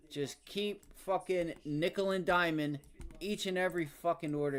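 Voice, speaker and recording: A man's voice: fairly high pitch, fairly even intonation, normal speed. A young man on a live day-trading stream, talking bluntly and swearing heavily as he follows his trades. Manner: blunt, heavily profane venting.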